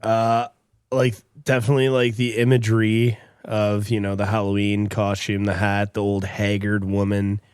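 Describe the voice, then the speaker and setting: A man's voice: fairly low pitch, level tone, normal speed, clean tone, no room sound, studio quality. A man co-hosting a podcast, answering in a hesitant casual chat with fillers. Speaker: podcast co-host.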